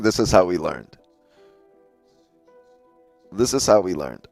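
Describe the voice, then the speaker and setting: A man's voice: low-pitched, animated, unhurried, gravelly, long pauses, no room sound, soft background music. A man hosting a live day-trading stream, chatting casually with his viewers, laughing often and swearing freely. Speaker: day-trading livestream host.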